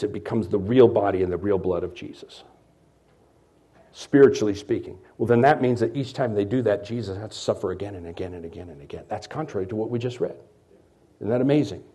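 Husky, mellow-voiced preaching man. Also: fairly low pitch. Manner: animated preaching, swings from loud emphasis to quiet asides. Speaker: pastor. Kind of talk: sermon.

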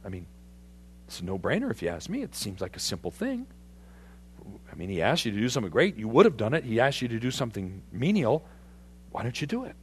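A man preaching a sermon, animated and conversational, putting questions to his congregation. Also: lowish voice, a little hiss or hum. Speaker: pastor.

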